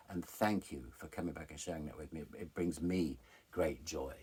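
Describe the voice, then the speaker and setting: Deep husky man, frank storyteller. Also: quick pace. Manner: frank, candid, animated retelling. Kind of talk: personal storytelling.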